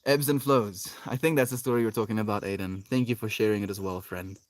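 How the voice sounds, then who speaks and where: A man livestreaming from an open field outdoors, chatting casually with his viewers in a meandering, reflective way, his sentences often trailing off softly. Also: fairly low pitch, fairly even intonation, fast, hardly any pauses, no echo. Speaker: livestreamer reading chat.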